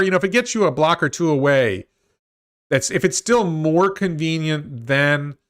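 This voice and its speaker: A man hosting a livestream, talking through ideas out loud with restarts and reading viewer comments before launching into a rant. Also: medium pitch. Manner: thinks aloud with restarts, reads comments. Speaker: host of a livestream on stocks. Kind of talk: solo livestream talk and rant.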